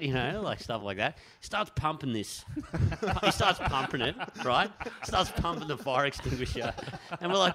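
A man in the middle of a casual comedic yarn on a podcast. His voice sits at a middle pitch, and he wanders and trails off while laughing often at his own story. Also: lively intonation, moderate pace, bright, forceful tone. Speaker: podcast guest.

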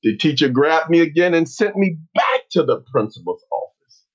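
A man telling a personal story as a motivational talk, speaking slowly and earnestly with pauses. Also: a little high, lively intonation, dull audio, slight background noise.

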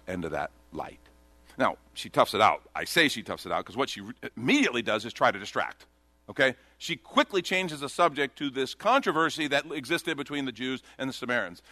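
A man preaching a sermon, his voice lively and swinging through a wide range of pitch. His tone is bright and forward, and he acts out the Bible figures as he tells the story. The sound is dry and close, with no room echo. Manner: animated storytelling, voicing Bible characters in quotes. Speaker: pastor.

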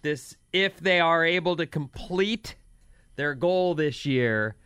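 A man's voice: fairly high pitch, expressive, slow, a bit bright, clear, resonant tone, dry recording. A man co-hosting a morning radio show, chatting casually and reading the news. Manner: conversational, reads sponsor copy and sports news.

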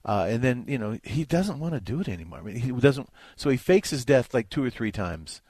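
A man co-hosting a radio movie show in casual chat, retelling film plots in a playful, animated way. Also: medium pitch, fairly quick, husky, no echo, studio quality.

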